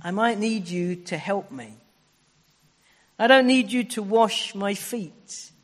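A man preaching a sermon with emphatic, repeated phrases and sharp rises and falls. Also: high-pitched, slow, big-room sound.

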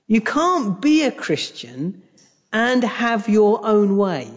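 A man preaching a sermon slowly and emphatically, with long pauses between phrases, recorded from a church live stream. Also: very high-pitched. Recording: dull live-stream audio in a reverberant church.

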